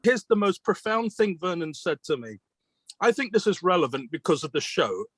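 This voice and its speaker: A man's voice: sits high, big pitch swings, normal speed, fairly bright tone, slightly rough, no echo. British man telling stories, dry close sound. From Britain. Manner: retells mentors' advice as quoted dialogue, with questions and answers; earnest, reflective. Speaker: magician being interviewed. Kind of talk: conversational storytelling.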